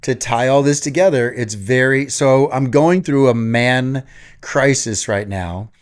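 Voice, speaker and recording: A man's voice: mid-range voice, unhurried. A middle-aged man co-hosting a podcast in casual chat, joking and swearing in bro banter. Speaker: podcast co-host.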